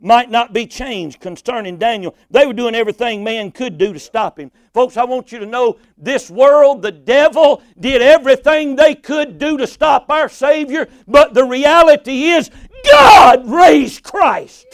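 A man preaching a sermon, building from steady reading to impassioned shouts and cries. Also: extremely high pitch, moderate pace, few pauses, no room sound.

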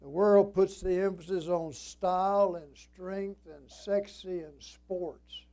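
Slow, mellow-voiced preacher, man. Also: high voice, steady tone. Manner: preaching cadence with emphatic rises and hushed drops; slow and deliberate. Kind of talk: sermon.

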